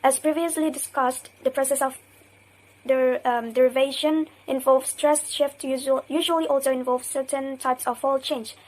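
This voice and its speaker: A young woman with a high voice talks through a class presentation as a student. She explains carefully, repeating example words and pausing to correct herself. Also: steady tone, a little mellow, poor audio. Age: young adult. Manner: hesitant, self-correcting.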